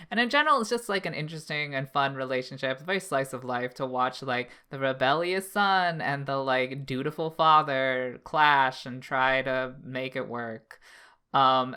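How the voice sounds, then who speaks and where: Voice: medium pitch, sharp tone, clear, resonant tone. A podcast co-host talking casually about anime, thoughtful and hedging, with many fillers. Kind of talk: casual anime discussion chat.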